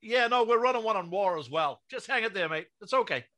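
A man's voice: high-pitched, lively intonation, fast, bright, forceful tone. A man doing a playful, exaggerated fake East Coast American tough-guy voice. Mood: mock tough.

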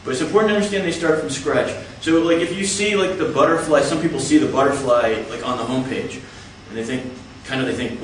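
Faint background noise and strong reverberation mark this recording of a man lecturing in a large hall, somewhat removed from the microphone. He explains his topic methodically, one step after another, in a mid-range voice.

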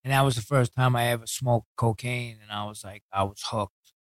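In a dry recording, a man with a medium pitch and fairly even intonation talks in a New York accent. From New York City, he's a guest in a casual interview sharing past stories. He curses heavily, speaks in blunt street talk, and quickly acts out what other people told him.

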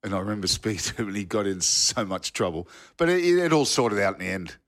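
A man's voice: fairly low pitch, very animated, fast talker, a bit bright. A man with an Australian accent, a podcast co-host telling a rambling anecdote in casual chat, laughing as he goes. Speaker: podcast co-host, former footballer.

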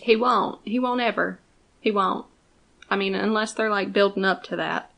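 A woman's voice: mid-range voice, normal speed, vocal fry, fairly bright tone. A young woman co-hosting a fan podcast, chatting casually and arguing her points with emphasis. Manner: emphatic, swears, argues a point. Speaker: podcast co-host.

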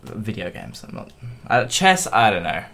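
A young man as a podcast guest, talking in a hesitant, halting way with many fillers. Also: lowish voice, big pitch swings, vocal fry, fairly bright tone. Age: young adult. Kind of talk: casual chat.

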